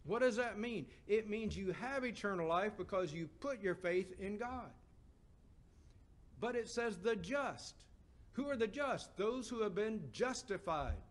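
A middle-aged man preaching a sermon, asking the congregation emphatic questions and dropping to a hushed voice for stories. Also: high voice, expressive, measured pace.

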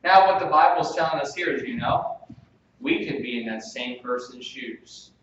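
A pastor preaching a sermon, swinging from soft, slow stretches to sudden loud bursts. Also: male voice, medium pitch, slight background noise. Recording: echoey room, distant mic, dull sound.

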